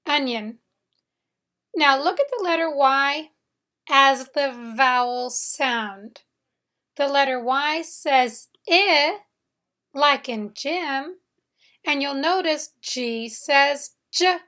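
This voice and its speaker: Slow, bright-voiced woman teaching phonics. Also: sits high. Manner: stretches out sounds and repeats words for learners to echo. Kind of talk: slow, deliberate phonics lesson.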